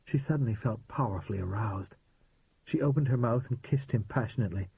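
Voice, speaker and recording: A man narrating an audiobook in a steady, measured reading voice. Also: mid-range voice, husky. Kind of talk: scripted narration. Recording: tinny phone-like dry sound.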